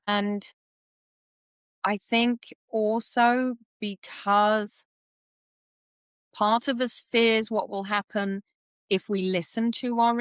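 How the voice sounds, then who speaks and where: A woman's voice: fairly low pitch, no echo. A woman, a guest explaining things chattily in a podcast interview and acting out quoted voices as she goes. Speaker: intuitive reader, podcast guest.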